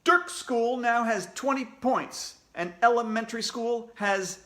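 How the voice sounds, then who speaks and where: A man voicing a cheerful adult quiz show host in a read-aloud storybook, announcing slowly. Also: very high voice, sharp tone, voice pushed up, heavily acted. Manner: slow, drawn-out quizmaster announcing.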